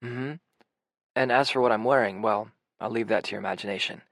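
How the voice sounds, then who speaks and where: A man reading an audiobook, voicing a deep-voiced, gentle man who speaks softly with warm, growly tenderness. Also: brisk, vocal fry, dry recording, clean studio sound. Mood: teasing. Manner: soft, low, tender.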